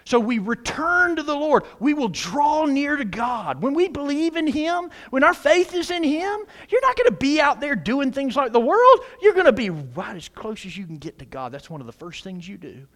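A man preaching a sermon as pastor of a church, loud and emphatic, using humor and questions to the congregation. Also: big pitch swings, normal speed, few pauses. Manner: loud, emphatic preaching with big pitch swings. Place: church sanctuary.

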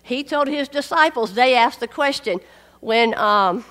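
A woman's voice: a little high, animated, a little slow, a bit bright. A woman preaching a sermon, emphatic and repeating key phrases for weight. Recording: long hall reverb.

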